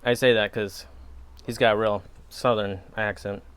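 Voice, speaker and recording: A man's voice: fairly low pitch, fairly even intonation, moderate pace, fairly bright tone, clean tone, no echo. A man with a Wisconsin accent chatting casually on his pipe-smoking channel, wandering off on tangents and laughing at himself. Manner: rambling, digressive, laughs at himself. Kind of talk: casual vlog chat.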